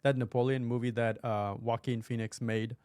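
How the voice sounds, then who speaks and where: A man's voice: mid-range voice, little pitch movement, moderate pace, darkish tone, clear, resonant tone, no echo. A man co-hosting a casual podcast, talking loosely with many fillers and laughs into a close microphone. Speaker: podcast co-host.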